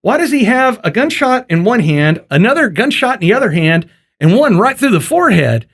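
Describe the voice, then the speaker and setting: A man voicing a patient, dry-witted game warden, friendly and drawn-out. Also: high voice, sing-song, a bit bright, slightly rough, voice pushed up, exaggerated voice. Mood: questioning.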